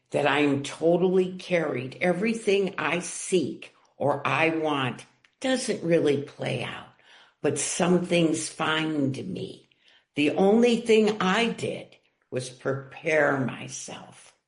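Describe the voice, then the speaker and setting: A woman at a recovery meeting shares slowly and from the heart. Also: low-pitched, roomy sound. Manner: slow, heartfelt sharing. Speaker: meeting participant.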